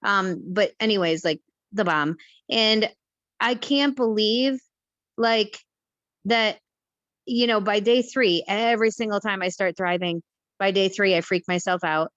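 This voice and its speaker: A woman hosting a casual group video call, talking in an excited, rambling way with lots of fillers. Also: medium pitch, measured pace, dry recording. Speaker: host. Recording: dull lo-fi video call audio.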